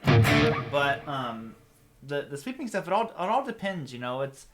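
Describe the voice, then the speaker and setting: A man's voice: on the high side, very animated, unhurried. A man hosting a casual guitar live stream, rambling and self-deprecating as he reads out viewer comments. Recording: loud guitar music over the voice. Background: loud guitar playing.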